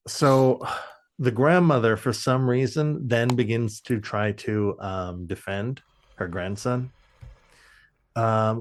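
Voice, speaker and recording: A man's voice: mid-range voice, slow pace. A man co-hosting a podcast, chatting casually and rambling through an episode recap with lots of fillers. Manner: rambling with many fillers and restarts. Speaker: podcast co-host. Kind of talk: casual show review chat.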